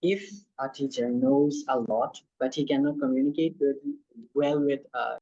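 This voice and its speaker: A man's voice: mid-range voice, moderate pace, warm tone, husky, dull audio. A man from Bangladesh, a native Bengali speaker, answering an exam question hesitantly with many fillers. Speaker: IELTS test candidate.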